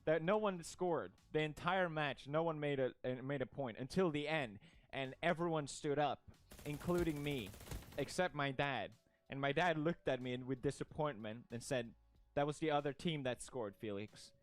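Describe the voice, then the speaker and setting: Jokey man, slightly high voice. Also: normal speed. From Sweden. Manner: jokey, mock-outraged, laughs often. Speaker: streamer. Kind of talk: casual reaction commentary.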